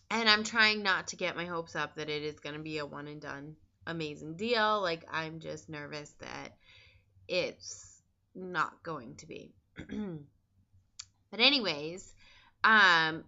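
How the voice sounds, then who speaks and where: A woman vlogger chats candidly in a casual diary style, filling pauses with ums and likes. Her voice sits a little low but has a bright, forceful edge. The recording is dull and lo-fi. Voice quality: chatty, filler-heavy and candid.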